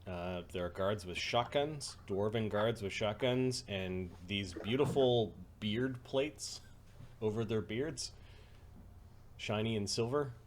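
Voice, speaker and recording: A man's voice: on the low side, takes it slowly, a little hiss or hum. A man narrating a tabletop game as game master, with many hesitant ums and uhs.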